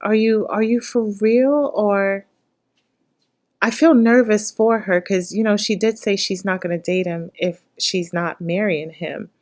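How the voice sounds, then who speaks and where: Slow-talking woman reacting to reality TV. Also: on the low side. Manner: emotional, exclaims loudly, curses, shifts from hushed recap to excited outbursts. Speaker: reaction vlogger. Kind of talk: casual reality TV reaction commentary.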